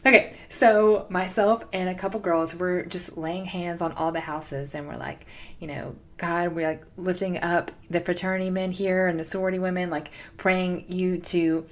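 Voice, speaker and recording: A young woman hosting a faith podcast, telling stories in a casual, excited way with lots of "like". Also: on the low side. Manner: excited, gushing, heavy use of "like". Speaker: podcast host.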